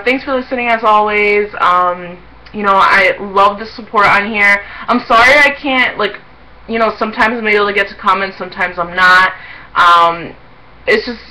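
A young woman talks casually to camera in a rambling vlog, her voice bright and light, and her chatter often slips into little giggles. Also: medium pitch, rough recording. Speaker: vlogger.

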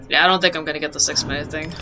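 Over music, a let's play gamer with a mid-range voice talks quickly in a steady tone, casually commenting on gameplay. They exclaim often, get frustrated easily, and laugh at their own mistakes.

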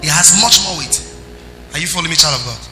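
A man preaching a sermon as pastor, emphatic, with sing-song rises and sudden soft drops. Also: on the high side, animated, fast, a little hiss or hum. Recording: echoey hall with music underneath.

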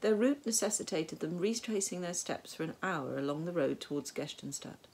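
A woman narrating a storybook tale in a measured, wry way. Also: lowish voice, animated, a little mellow, breathy edge. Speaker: audiobook narrator.

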